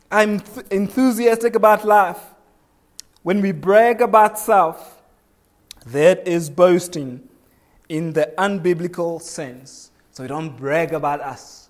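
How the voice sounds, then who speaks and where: Male preacher with a high voice, conversational sermon that draws in the congregation. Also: slow pace. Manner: conversational, asks the congregation questions, acts out little voices.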